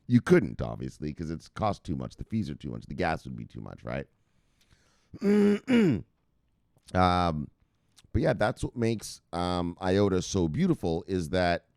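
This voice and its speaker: Deep-voiced guy reading crypto news and swearing a lot, swings up and down in pitch, dry close sound. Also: a little mellow, no room sound. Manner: profane, rambling, reads articles and riffs on them. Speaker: crypto news channel host. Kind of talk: casual news commentary with reading aloud.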